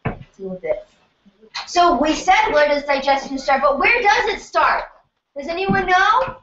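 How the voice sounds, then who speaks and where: Animated woman workshop leader, bright and high; muffled distant recording, faint hiss. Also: unhurried. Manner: animated, quizzes the audience with questions. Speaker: health practitioner leading a cleanse orientation. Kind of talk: lively workshop lecture to a live audience. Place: event room in New York City. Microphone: distant room mic. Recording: echoey room, distant mic, muffled, faint noise.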